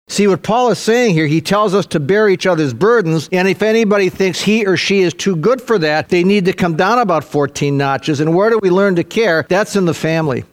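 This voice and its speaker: Older male preacher, earnest and emphatic, slightly high voice, repeats for effect. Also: fairly quick, hardly any pauses. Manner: earnest and emphatic, repeating key phrases, addressing listeners as folks. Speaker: pastor. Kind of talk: sermon.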